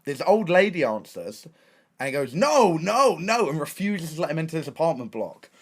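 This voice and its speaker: A young man with an English accent, a streamer telling a story in a casual, excitable way, full of slang and restarts. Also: a little high, a little fast. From England.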